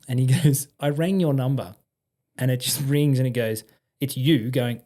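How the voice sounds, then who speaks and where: An Australian man, a veteran guest, telling stories in a relaxed interview, swearing freely and acting out the people in them. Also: medium pitch, moderate pace. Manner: swearing, animated anecdote-telling with laughs. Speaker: podcast guest, army and police veteran. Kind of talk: casual storytelling interview.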